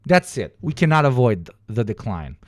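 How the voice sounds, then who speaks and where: A man streaming a profane, heated political rant, sweating and shouting at times. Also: medium pitch, sing-song, normal speed, no echo, clean studio sound. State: sweating, flushed. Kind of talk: ranting political commentary.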